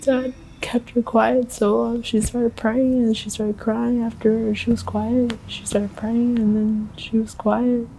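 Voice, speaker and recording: Man, 20s, interviewee: halting, repetitive storytelling, gravelly tone. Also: extremely high pitch, little pitch movement, dark tone, a little hiss or hum, rough recording. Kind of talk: street interview. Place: outdoors on a city street.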